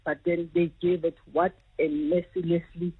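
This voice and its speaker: A middle-aged woman calling in to a radio show, talking at length in an animated, storytelling way. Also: fairly low pitch, normal speed, breathy edge, no echo. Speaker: caller. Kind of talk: phone-in chat. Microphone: telephone. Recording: tinny phone line.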